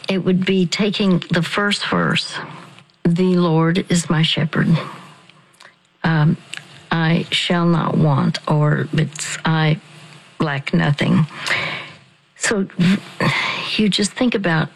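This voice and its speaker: Slow, gentle woman teaching scripture. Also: sits low, vocal fry, a little hiss or hum, poor audio. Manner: slow, halting, with restarts. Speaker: radio ministry host.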